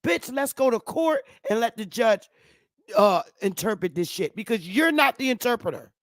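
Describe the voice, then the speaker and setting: A woman's voice: a little high, lively intonation, normal speed, no echo. Blunt, profane woman vlogger, dry sound. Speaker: online commentator. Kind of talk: casual monologue.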